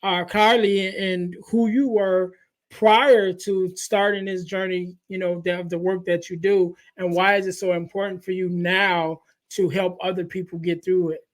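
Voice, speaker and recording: A man's voice: sits high, level tone, measured pace, poor audio. A man hosting a podcast, chatty and casual, addressing listeners as "you guys" while plugging products before interviewing his guest. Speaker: podcast host.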